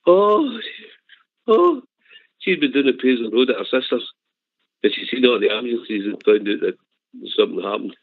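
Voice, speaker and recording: Older glasgow man, phone-in caller, gravelly voice, tinny dry phone line. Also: lowish voice, a little fast, no echo. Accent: Scottish, Glasgow. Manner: rambling anecdote with laughs. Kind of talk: phone-in storytelling.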